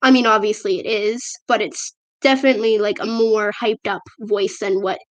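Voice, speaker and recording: A female vlogger hosts a casual livestream from home, reading viewer comments in a self-deprecating way. Her medium-pitched voice has fairly even intonation and a moderate pace, captured by a tablet's camera microphone.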